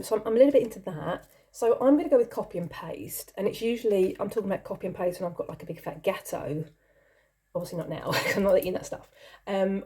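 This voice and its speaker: A woman's voice: medium pitch, mellow. A middle-aged woman chatting casually as she answers a list of questions, rambling, giggly and self-deprecating. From not from the country she lives in. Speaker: channel host.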